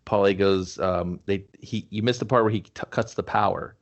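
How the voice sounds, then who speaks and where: A man's voice: fairly low pitch, moderate pace, creaky, lo-fi sound. A man co-hosting a casual movie review chat, laughing often and acting out characters. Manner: laughing, acts out characters in playful voices. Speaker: podcast co-host, movie reviewer.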